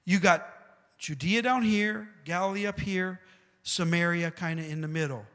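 A man preaching a sermon with animated asides like "come on" and "amen," retelling scripture stories in a casual voice. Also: high-pitched, moderate pace. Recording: long hall reverb.

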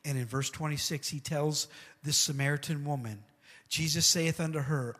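A man preaching a sermon with animated asides like "come on" and "amen," retelling scripture stories in a casual voice. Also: fairly high pitch, normal speed. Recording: long hall reverb.

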